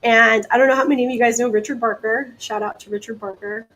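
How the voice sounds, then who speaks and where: A woman from the American Deep South, a guest hypnotist telling stories in a casual interview, chatty and quick to laugh. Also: faint music behind, low-quality recording. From Deep South, United States. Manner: chatty, laughs often, lively asides.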